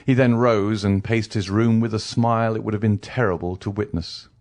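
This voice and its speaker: A man narrating a classic novel as an audiobook, reading in a measured way. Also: fairly low pitch, fairly even intonation, darkish tone. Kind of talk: scripted narration.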